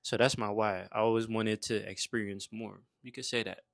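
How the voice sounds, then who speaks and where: A young man from Saint Croix tells his own story in a relaxed, slang-heavy way. His voice sits a little low. The sound is dry and close, with no room echo. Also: moderate pace, gravelly. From Saint Croix, US Virgin Islands. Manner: slangy and laid-back, peppered with "bruh" and "you feel me". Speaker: motivational vlogger. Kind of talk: casual personal storytelling.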